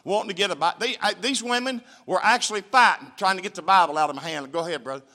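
Folksy preacher man, bright-voiced. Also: sits high, fast. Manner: folksy storytelling, preacherly emphasis. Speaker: missionary preacher. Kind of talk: testimony sermon with slideshow. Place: church sanctuary.

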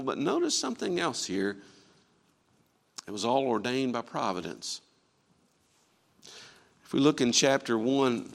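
A man preaching a sermon, emphatic and full of rhetorical questions, shifting between quiet and loud passages. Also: mid-range voice, vocal fry, long reverb tail.

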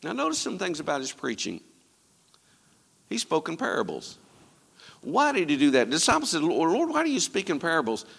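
A man preaching a sermon as pastor, swinging between loud emphatic lines and quiet, low asides. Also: wildly swooping pitch, a little fast, creaky, long pauses, husky, big-room sound. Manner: preaching with sweeping rises and drops in pitch and loudness.

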